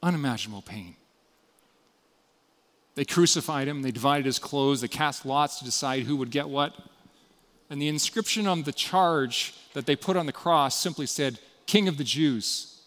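A man giving a sermon, retelling a story with dramatic shifts between loud emphasis and hushed passages. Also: on the high side, animated, moderate pace, in a large hall. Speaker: preacher.

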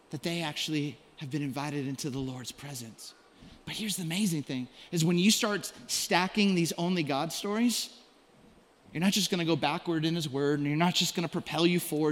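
A male pastor preaching a sermon and telling stories, dropping to a hush and then rising to loud cries. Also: sits high. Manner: storytelling preacher, swings from hushed to shouted. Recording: long hall reverb.

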